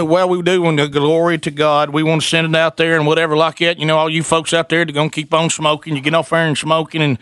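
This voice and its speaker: A man, co-hosting a talk show and telling a comic story in an animated way, mimicking people as he goes. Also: quick pace, few pauses, clean tone, no room sound. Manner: animated, imitates people in falsetto while telling stories. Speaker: radio show co-host.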